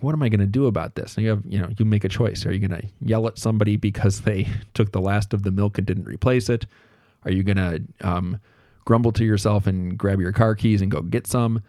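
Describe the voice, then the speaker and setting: A man's voice: lowish voice, mellow, no echo, clean studio sound. A man hosting a podcast, talking through ideas in a casual, conversational way, thinking aloud with fillers and made-up examples. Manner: acts out little bits of dialogue in passing. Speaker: podcast host. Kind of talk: casual solo explanation.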